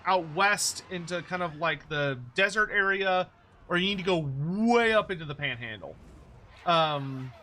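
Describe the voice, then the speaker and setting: A man from Texas with a plain General American accent, chatting casually with his live-stream viewers. His voice sits high and sounds very bright and sharp. He rambles, restarts his sentences and laughs often. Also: a little hiss or hum. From Texas, United States. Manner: laughs easily. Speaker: livestream host.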